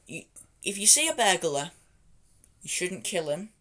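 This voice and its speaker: A man, co-hosting a casual podcast chat, rambling, excitable and quick to laugh as he jumps between topics. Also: high voice. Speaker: podcast co-host.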